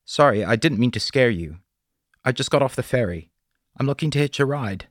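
A man's voice: mid-range voice, expressive, brisk, dry recording, clean studio sound, pitched above the performer's own voice, lightly acted. A man voicing a friendly, polite male drifter in his twenties in an audiobook, easygoing and chatty.

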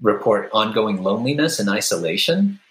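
A man's voice: lowish voice, lively intonation, moderate pace, fairly bright tone, roomy sound, low-quality recording. A man speaking as a guest author on a podcast, reflective and thinking aloud with fillers. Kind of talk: conversational podcast interview.

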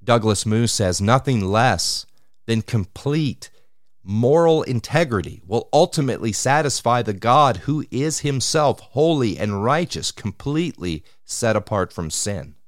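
A man preaching a sermon on scripture, measured and deliberate, slowing down to stress key words. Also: medium pitch, lively intonation, dry recording, studio quality. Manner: measured, slows for emphasis on scripture.

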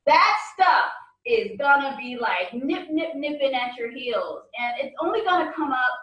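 A high, very lively woman chatting as a podcast guest, playful and quick to laugh. Her voice is bright and sharp. She sounds a bit away from the mic in an echoey room. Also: far from the mic. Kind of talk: casual interview chat.

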